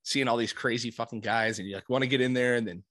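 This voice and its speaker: A man in casual chat, telling an animated, profane story and laughing often. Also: mid-range voice, quick pace.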